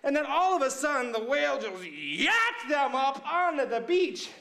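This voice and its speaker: A man playing a mixed-up, excitable storyteller who retells Bible stories to kids, rambling and checking in with "right?" and "okay?". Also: very high voice, moderate pace, heavily acted. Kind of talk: comic Bible story monologue.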